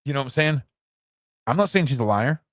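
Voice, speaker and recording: A man's voice: medium pitch, lively intonation, fairly quick, no room sound. A British man hosting a podcast from a small room at home, rambling through news commentary with lots of rhetorical questions. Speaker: podcast host.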